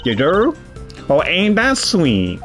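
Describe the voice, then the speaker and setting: A man's voice: fairly high pitch, huge pitch swings, slow, fairly bright tone, faint music behind, pitched above the performer's own voice, exaggerated voice. A man voicing a brash, stubborn young female reporter in a put-on Southern US twang, with a folksy, defiant drawl. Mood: flustered.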